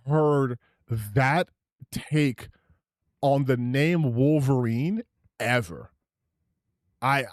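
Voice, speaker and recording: A man's voice: medium pitch, dry recording, studio quality. A man streaming a reaction video, talking casually with sarcasm and swearing as he comments.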